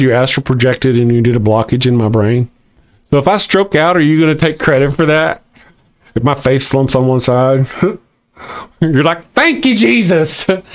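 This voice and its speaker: A man's voice: medium pitch, no room sound. A man hosting a casual livestream and reading chat aloud, joking and sarcastic with rambling asides.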